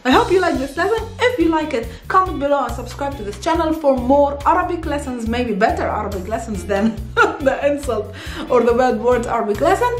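A fairly high-voiced woman teaching Arabic in a relaxed video lesson. She laughs often and mixes English and Arabic phrases as she explains them. The room gives her voice a roomy echo. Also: fairly quick, soft background music. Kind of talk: casual online language lesson.

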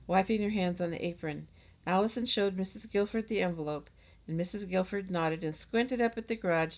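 A woman narrating a children's chapter book in a steady storytelling manner. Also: on the low side.

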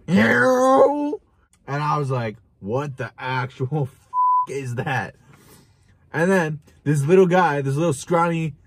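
A young man telling a wild story to camera in a casual, animated way, laughing and swearing as he goes. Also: mid-range voice, slight background noise. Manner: animated, chuckling, swearing, with restarts. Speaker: vlogger.

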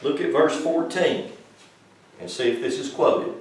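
This Bible-teaching sermon comes from a man whose voice is a little high and a little slow. He is emphatic and questions his congregation directly, and the audio is far-off in a very echoey congregation room.

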